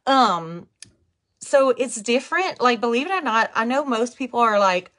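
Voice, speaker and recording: A woman's voice: on the high side, expressive, moderate pace, fairly bright tone. Chatty Cajun-accented woman vlogger. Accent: Cajun Louisiana. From Louisiana. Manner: chatty, talks to viewers, reads out comments. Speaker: makeup vlogger. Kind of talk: chatty live makeup tutorial.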